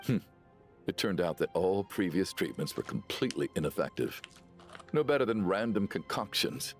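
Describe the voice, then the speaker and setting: An actor playing a weary, grieving middle-aged father in a video game, confessing slowly with heavy sighs. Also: low-pitched, sing-song, soft background music. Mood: sorrowful. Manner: slow, heavy, sighing confession. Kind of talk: game voice acting.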